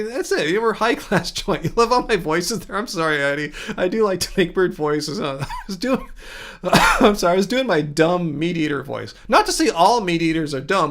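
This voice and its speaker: A man's voice: high voice, fairly bright tone. A man hosting a casual livestream, chatting, laughing often and answering viewers in the chat. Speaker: livestream host.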